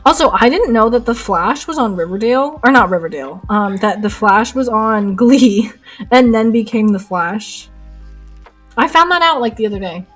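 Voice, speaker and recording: Excitable young woman with a breathy voice. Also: a little high, normal speed. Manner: excitable, rambling, laughs often. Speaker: art streamer. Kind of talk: casual chat while painting live. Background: faint lo-fi music.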